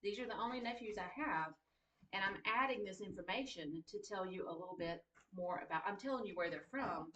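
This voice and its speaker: A woman's voice: mid-range voice, brisk, a bit bright. Woman, writing teacher, patient, repeats points, echoey classroom, distant mic. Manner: patient, repeats key points, asks checking questions. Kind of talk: classroom grammar lesson. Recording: roomy echo, distant mic.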